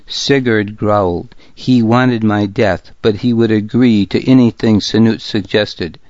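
A man reads first-person narration slowly in a low voice, with a dry, wry edge. The audio is dull and dry. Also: fairly even intonation, darkish tone, no room sound.

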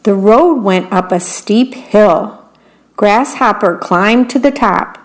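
A woman volunteer reading a bedtime story aloud on the radio, gentle and describing the pictures for listeners. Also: mid-range voice, takes it slowly.

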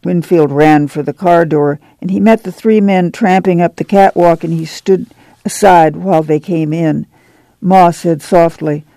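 A man narrating a novel as an audiobook, in a measured, unhurried way. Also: fairly high pitch, fairly even intonation, gravelly, dark tone, dry recording. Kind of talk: scripted narration.

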